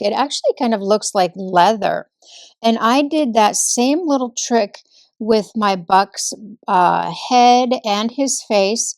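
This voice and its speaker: A woman hosting a card-making tutorial, talking calmly and chattily through each step of her craft demonstration. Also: medium pitch, dry recording, studio quality. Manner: calm, chatty, instructional.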